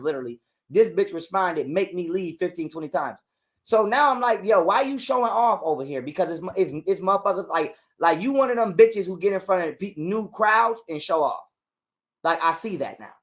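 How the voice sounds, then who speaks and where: High-voiced man telling a heated story. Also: a bit bright. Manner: heated, profane, talks fast in street slang. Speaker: guest telling a personal story. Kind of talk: casual storytelling on a call.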